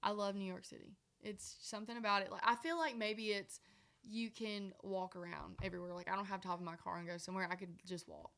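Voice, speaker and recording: A woman's voice: medium pitch, level tone, fast, creaky, fairly bright tone. A young woman from Mississippi with a thick Southern country accent, chatting as a guest in a casual interview and often trailing off. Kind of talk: casual chat.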